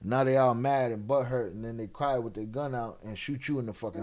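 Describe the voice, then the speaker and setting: A man's voice: mid-range voice, animated, fairly quick, hardly any pauses, over loud music. Blunt, profane man hosting a livestream. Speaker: livestream host. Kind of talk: casual livestream commentary.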